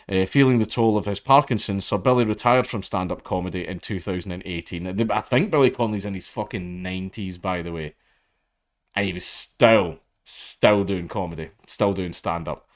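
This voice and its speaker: A man's voice: fairly low pitch, brisk. A man giving blunt, profane, casual commentary and retelling a story. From Scotland. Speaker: commentary host.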